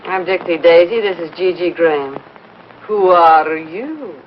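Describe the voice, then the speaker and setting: An actress playing a sassy, quick-witted young burlesque dancer, in 1940s film acting. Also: female voice, fairly low pitch, lively intonation, slight background noise. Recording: muffled 1940s film soundtrack with faint music.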